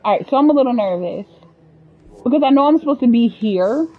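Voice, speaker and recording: A woman's voice: a little high, fairly quick, phone-quality sound. Chatty woman commenting on gameplay. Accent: African American English. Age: adult. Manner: chatty, expressive, talks to viewers. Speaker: gaming streamer.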